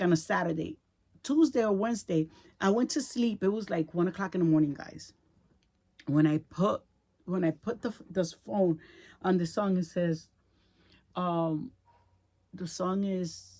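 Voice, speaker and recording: Woman, middle-aged, vlogger, casual heartfelt storytelling, emotional, repeats words, calls viewers "guys", mid-pitched voice.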